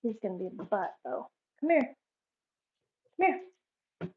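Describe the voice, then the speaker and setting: A woman vlogging at home, recorded by a camera set up in the room with dull audio, talks slowly with long pauses in a high, animated, slightly rough voice. Between remarks to the camera, she gives her dogs firm, repeated commands.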